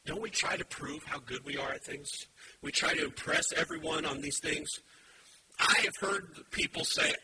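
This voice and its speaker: A man preaching a sermon as pastor, emphatic, swinging from quiet asides to loud shouted points. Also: on the high side, normal speed. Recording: steady background hiss.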